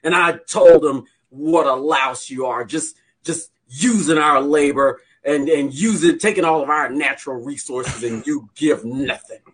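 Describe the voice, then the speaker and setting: A man's voice: a little high, measured pace, hardly any pauses, a bit bright, slightly rough. A man playing a talking horse star who resents his farmer owner, in an improvised comedy scene. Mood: defiant. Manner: indignant, complaining.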